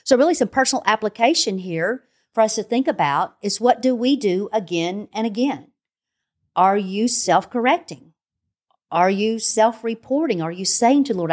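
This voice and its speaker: Grandmotherly woman Bible teacher, earnest and emphatic, middle pitch. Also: animated, moderate pace, a little mellow. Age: older, a grandmother. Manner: earnest, emphatic, repeats phrases in lists. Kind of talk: devotional podcast interview.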